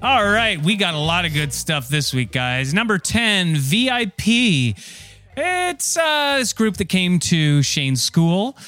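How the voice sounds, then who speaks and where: A man hosting a comedy podcast, reading a silly list in a deadpan, rambling way. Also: sits high, takes it slowly, faint music behind. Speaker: podcast host.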